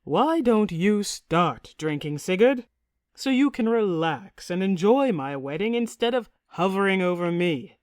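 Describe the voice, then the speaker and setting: A woman reads a blustering, half-drunk king in a storybook, loud and pompous. The recording is close and dry. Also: medium pitch, lively intonation, unhurried, no echo, close to an everyday voice. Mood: jovial. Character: boisterous tipsy middle-aged king. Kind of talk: audiobook character reading.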